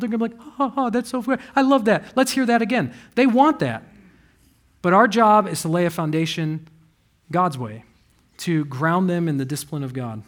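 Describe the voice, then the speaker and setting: A man preaching a sermon as a pastor, shifting between quiet earnest passages and loud animated ones. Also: fairly high pitch. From United States.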